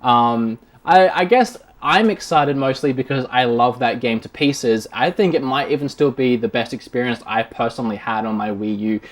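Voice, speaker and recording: A man's voice: medium pitch, normal speed, few pauses. Casual male gaming news host. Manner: relaxed, leads the discussion with questions. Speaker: show host.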